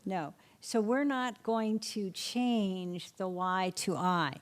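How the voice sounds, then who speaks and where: A middle-aged woman teaching spelling rules to a room of teachers, firing quick questions and often answering them herself. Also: medium pitch. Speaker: literacy instructor. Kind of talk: spelling lesson to an audience of teachers.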